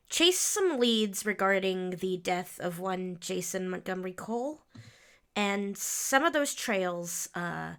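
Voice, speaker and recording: Upbeat woman playing a tabletop game; crisp bright voice, gushing and talkative. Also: mid-range voice. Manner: upbeat, effusive, chatty with fillers. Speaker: player. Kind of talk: casual role-play chat.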